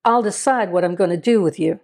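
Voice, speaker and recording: Woman reading stern male sheriff, firm measured orders, mid pitch, storybook. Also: warm tone, natural voice. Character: stern, steady male small-town sheriff.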